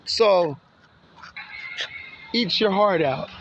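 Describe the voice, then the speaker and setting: A man with a very high, bright, lively voice talks outdoors beside a road at night, taunting people in passing cars. He mocks, swears and laughs as he goes. The phone recording is dull and lo-fi, with faint street noise and passing vehicles behind him. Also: drawn-out words, faint music behind. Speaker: vlogger filming passing cars. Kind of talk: casual taunting street monologue. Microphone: handheld camera or phone.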